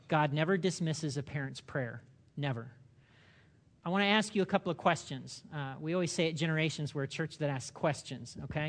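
A man preaching a sermon as a pastor in a church, animated, acting out quoted voices and asking the listeners questions. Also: fairly high pitch.

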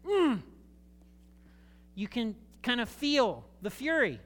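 A man preaching a sermon as a pastor, talking conversationally to the congregation with jokey asides and animated emphasis. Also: sits high, normal speed.

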